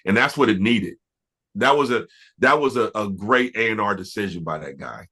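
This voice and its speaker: Male producer guest, lower voice with a bright edge, easygoing storyteller. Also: moderate pace, slightly rough. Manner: relaxed, reflective, many fillers and restarts. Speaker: music producer, interview guest. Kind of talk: casual interview storytelling.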